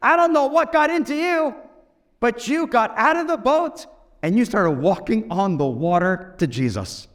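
A preacher voicing an eager, high-voiced apostle James. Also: male voice, moderate pace. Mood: excited. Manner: eager, animated storytelling. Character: apostle James, excited grown man recalling old times.

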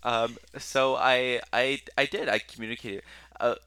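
A man's voice: mid-range voice, fairly even intonation, measured pace, sharp tone, smooth, no room sound. A young man co-hosting a podcast, telling stories casually and acting out the voices of people in them. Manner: storytelling, plays the voices of others. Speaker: podcast co-host.

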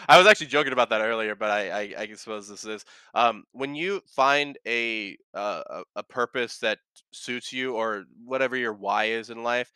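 A man's voice: mid-range voice, pushed and bright, smooth, no room sound. A man hosting a casual solo podcast, talking in an earnest, rambling way that often corrects itself, with a slight lisp. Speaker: podcast host.

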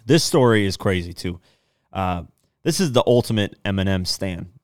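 A man's voice: sits low, expressive, moderate pace, dry recording, studio quality. A man hosting a podcast alone, talking loosely and rambling, with casual swearing. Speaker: podcast host. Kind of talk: casual solo commentary.

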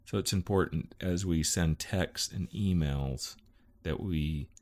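Deep-voiced man co-hosting a podcast. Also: slow pace, darkish tone. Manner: rambling, self-correcting, gives everyday examples. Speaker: podcast co-host. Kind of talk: casual podcast chat.

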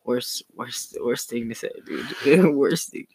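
A man's voice: medium pitch, slow, a little mellow, breathy edge. A man in his twenties co-hosting a podcast in casual chat, laid-back and slangy, often laughing. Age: 20s. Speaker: podcast co-host.

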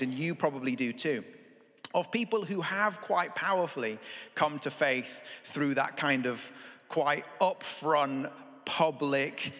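A young man preaching a conversational sermon, animated and chatty, often asking the congregation questions. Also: fairly high pitch. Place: church hall. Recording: reverberant hall.

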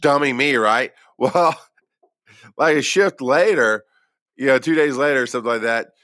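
A man's voice: medium pitch, moderate pace, a bit bright, no room sound, studio quality. A former paramedic telling his own story in a casual way, rambling and poking fun at himself, with lots of restarts. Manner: rambling and self-deprecating, with many restarts.

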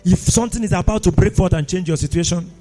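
A man's voice: high-pitched, quick pace, mellow, soft background music. A man preaching a sermon, impassioned and rousing his congregation.

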